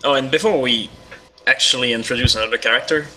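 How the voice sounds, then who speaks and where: A man running a tabletop game as game master, briskly prompting the players with questions. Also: medium pitch, bright, forceful tone, slight background noise, low-quality recording. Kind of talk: casual tabletop game chat.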